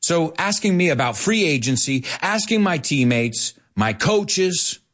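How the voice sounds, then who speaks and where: This middle-aged host of a casual bilingual show speaks unhurriedly in a fairly high, slightly bright voice with lively intonation. He teaches English terms through Spanish explanations, joking and laughing frequently.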